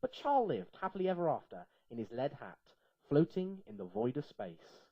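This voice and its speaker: A man reading a comic story aloud in a playful, lively way. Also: a little high, moderate pace, no echo, lo-fi sound.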